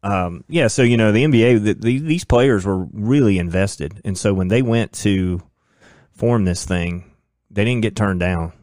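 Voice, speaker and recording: A middle-aged man co-hosting a casual sports chat, talking in a relaxed, conversational way. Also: fairly low pitch, unhurried, no room sound, studio quality. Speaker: podcast co-host.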